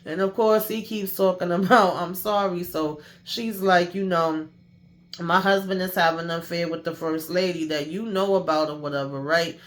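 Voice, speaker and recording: Animated man recapping a TV episode. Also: sits high, normal speed. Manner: animated, slangy, acts out characters' lines. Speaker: TV show recap host. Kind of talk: casual recap monologue.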